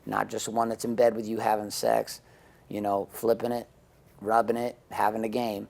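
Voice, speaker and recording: Gravelly guy, blunt and sweary, tells stories and does everyone's lines. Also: on the low side, flat delivery, normal speed, a little mellow. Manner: blunt, profane, storytelling with acted-out quotes. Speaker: interview guest. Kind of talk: intense candid interview talk.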